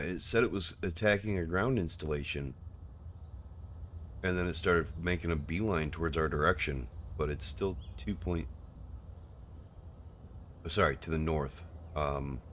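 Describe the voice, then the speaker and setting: A man casually commenting on his gameplay, relaxed and trailing off with fillers as he plays. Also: rumbling low, moderate pace, long pauses, slight background noise. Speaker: streamer playing a co-op game.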